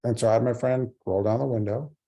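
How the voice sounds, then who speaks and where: A man's voice: medium pitch, fairly even intonation, fast, dark tone. A man in his forties giving a speech, telling a personal story with earnest humor. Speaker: keynote speaker.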